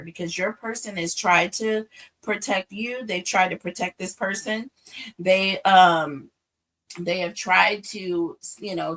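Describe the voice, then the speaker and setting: A woman's voice: medium pitch, a bit bright, rough recording. A woman giving a casual tarot reading, musing aloud and checking in with her listeners. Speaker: tarot reader.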